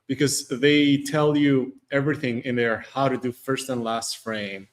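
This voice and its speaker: A man on a panel talking casually and hesitantly about tech from his home. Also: mid-range voice. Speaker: guest panelist. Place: at home with landscaping work outside.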